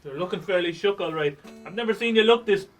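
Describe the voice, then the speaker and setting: An actor playing a plainspoken, protective Irish cousin in a stage play. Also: male voice, high-pitched, fast, lightly acted. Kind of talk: filmed stage play acting. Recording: faint music underneath.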